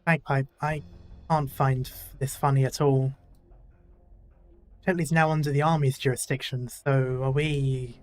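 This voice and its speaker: A man's voice: mid-range voice, level tone, slow pace, long pauses. Man reading game dialogue over music. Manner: casual, self-deprecating asides. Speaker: gaming YouTuber. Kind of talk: reading a game's story dialogue aloud.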